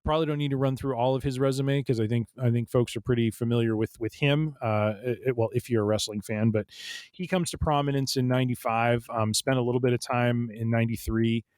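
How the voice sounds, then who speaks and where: A man's voice: medium pitch, fairly even intonation, fairly quick, darkish tone, clean tone, dry recording. A man co-hosting a casual podcast chat, rambling with lots of fillers and restarts. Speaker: podcast co-host.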